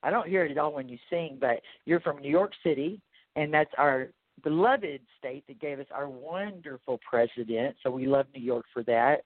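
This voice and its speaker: A woman's voice: low voice, moderate pace, no echo. A woman with a Texas accent hosting an interview, chatty and enthusiastic. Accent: Texan. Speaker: host. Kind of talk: casual interview. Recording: tinny phone-like line, dry.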